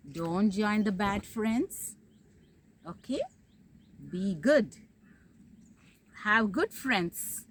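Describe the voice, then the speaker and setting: A kindergarten teacher with an Indian English accent gives a nature talk outdoors in a village field, asking coaxing questions in a sing-song way. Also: female voice, mid-range voice, slight background noise, low-quality recording.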